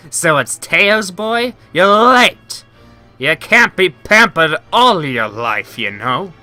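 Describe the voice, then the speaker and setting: A stern imperial commander from a video game, gruff and mocking, drawing out each word in a loud, raised voice, as a man puts him on over the gameplay. The tone is bright and sharp, pitched well above the performer's own speech. Soft game music plays underneath. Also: big pitch swings, heavily acted. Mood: scolding. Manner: slow, loud, scolding delivery.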